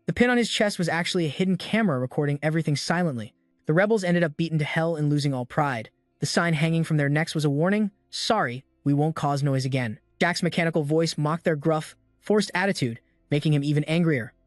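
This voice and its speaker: A man narrating a story recap in a steady, even storytelling manner. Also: on the high side, fast talker, dry recording, clean studio sound. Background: faint music.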